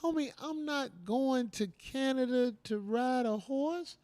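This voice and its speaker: Man, high voice, profane teasing banter, podcast host. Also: a little slow, darkish tone, no room sound, clean studio sound. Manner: loose, profane, teasing storytelling with heavy slang. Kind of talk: casual comedic banter.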